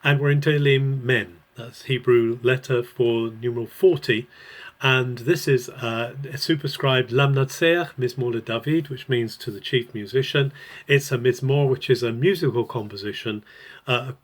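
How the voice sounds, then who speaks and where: A man's voice: mid-range voice, moderate pace. A man giving an earnest devotional Bible teaching, explaining a passage in an unscripted, conversational way.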